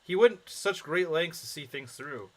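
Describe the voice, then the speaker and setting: A man's voice: fairly high pitch, expressive, moderate pace, fairly bright tone, low-quality recording. A man voicing a noble, devoted young male prince with formal, courtly phrasing, reading game dialogue aloud. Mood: earnest.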